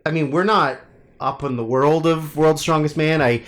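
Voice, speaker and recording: A man's voice: on the high side, moderate pace, fairly bright tone. A man co-hosting a podcast in casual banter, rambling, swearing and laughing often. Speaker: podcast co-host.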